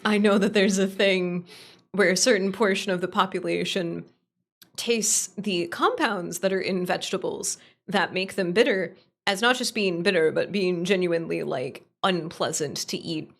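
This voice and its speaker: A woman streamer chatting casually with her viewers, rambling and animated, laughing often and swearing freely. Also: on the low side, moderate pace, creaky.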